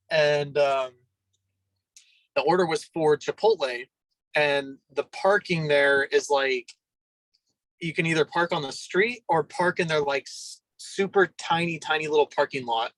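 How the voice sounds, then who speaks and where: A young man as a podcast guest, telling a story in a rambling, casual way full of fillers and throat clearing. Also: a little high, unhurried, a bit bright, no room sound, poor audio.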